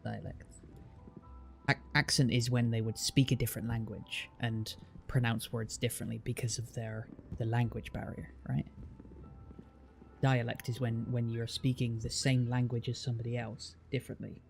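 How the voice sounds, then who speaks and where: Reading viewer comments on his stream, a man from Britain chats casually and explains at length, restarting often. His medium-pitched voice is creaky with a flat delivery at normal speed, and soft background music plays.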